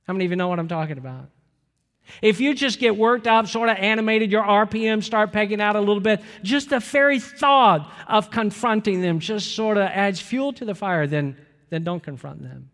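A man preaching as pastor, animated and conversational, speaking directly to his congregation. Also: high-pitched, long reverb tail. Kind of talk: sermon.

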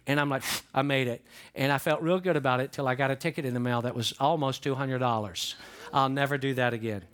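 An older man, a pastor preaching a folksy, animated sermon and asking the congregation questions. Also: medium pitch, quick pace.

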